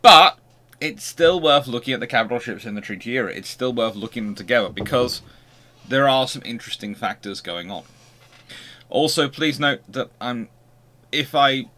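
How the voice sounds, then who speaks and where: A man's voice: medium pitch, sharp tone. A man hosting a history channel, giving an unscripted lecture and posing rhetorical questions as he explains.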